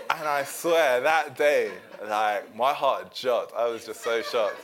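A man's voice: mid-range voice, animated, a little slow, hardly any pauses, noisy background. A young man, co-hosting a podcast and telling stories with lots of laughter and slang. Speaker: podcast co-host. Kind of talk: casual chat.

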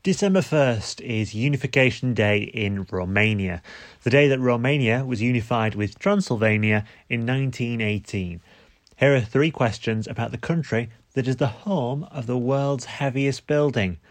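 A man reading scripted quiz questions in a measured, deadpan way. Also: mid-range voice, no echo. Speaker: quiz presenter.

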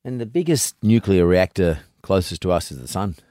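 A man's voice: deep voice, sing-song, fairly quick, mellow, dry recording, studio quality. An older Australian man hosting an interview, blunt and rambling with frequent restarts. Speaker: podcast host. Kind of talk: casual interview.

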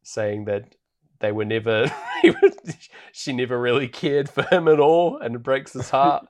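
A man co-hosting a podcast, recapping a film in a relaxed, rambling way with plenty of fillers. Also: mid-range voice, a little slow. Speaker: podcast co-host. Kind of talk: casual film recap chat. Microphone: podcast microphone.

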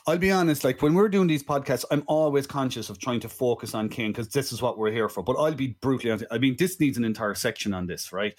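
A man's voice: medium pitch, fast, hardly any pauses. An Irish man co-hosting a casual film-review podcast, chatting in a digressive way with frequent "right?" asides. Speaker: podcast co-host.

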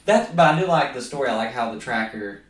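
A podcast host rants in loose, profane film chat, laughing often as he goes. His pitch swings widely, and he sits back from the mic in an echoey room, so his voice sounds roomy and distant. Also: lively intonation, fast. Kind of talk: casual film-review chat.

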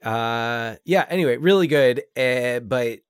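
A man co-hosting a casual film podcast, his voice at an everyday middle pitch. He rambles, restarting his sentences and circling back with fillers. The recording is close and dry. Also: a little slow, clean tone, no echo. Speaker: podcast co-host.

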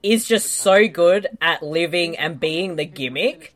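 A British woman talking loosely on a podcast, her pitch sitting a little low but jumping around a lot. She laughs and swears freely while reacting to a film. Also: animated, a little slow. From Britain. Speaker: podcast co-host. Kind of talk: casual movie-watching chat.

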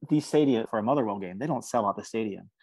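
Chatty low-voiced man, dry sound. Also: fast talker, darkish tone, breathy edge, dry recording. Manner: earnest, chatty, laughs often. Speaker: musician guest. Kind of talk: casual interview chat.

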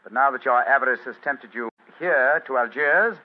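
A man's voice: mid-range voice, normal speed, natural voice. An actor playing a brilliant, composed male detective in a 1940s radio play, speaking in a precise, lecturing way. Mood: accusing. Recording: dull lo-fi 1940s radio recording.

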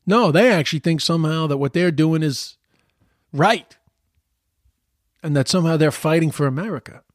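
A man's voice: a little high, moderate pace, long pauses, no room sound, clean studio sound. A man giving heated, profane political commentary in a casual rant, often stumbling and repeating words.

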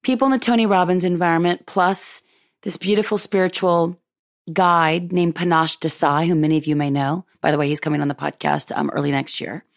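A woman's voice: on the low side, fairly even intonation, brisk, natural voice. A woman acting out the lines of an enthusiastic friend who insists she must go. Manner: eager, emphatic.

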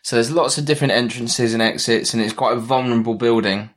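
A man's voice: mid-range voice, fast. A young man chatting casually, telling a long story with many fillers and restarts. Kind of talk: casual chat.

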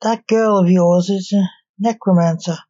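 A woman's voice: mid-range voice, steady tone, moderate pace, warm tone, close to an everyday voice. A woman reading a complaining old grandfather. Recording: dull lo-fi recording.

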